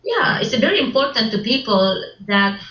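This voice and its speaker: A woman being interviewed about her film work, speaking haltingly with many restarts and broken grammar. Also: a little high, very animated, fairly bright tone. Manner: halting, repeats words, non-native English grammar. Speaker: interview guest, filmmaker. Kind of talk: casual interview. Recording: roomy, dull lo-fi sound.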